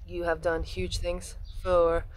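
A man's voice: sits high, completely flat delivery, takes it slowly, poor audio. A man sending a teasing, then fervent video message to a teammate.

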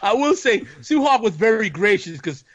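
A man in casual podcast chat, animated and laughing often, sometimes slipping into playful quoted voices. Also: high voice, normal speed, no room sound. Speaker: podcast guest.

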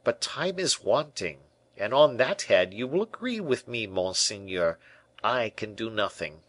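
A man's voice: fairly low pitch, animated, measured pace, fairly bright tone, dry recording. A man voicing an anxious, flustered male royal tailor. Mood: pleading.

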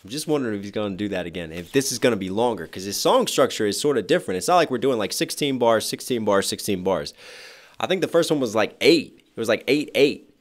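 Hoarse low-voiced man breaking down lyrics. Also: quick pace. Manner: animated, unpacking wordplay line by line. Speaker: rapper reacting to songs. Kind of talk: music reaction commentary.

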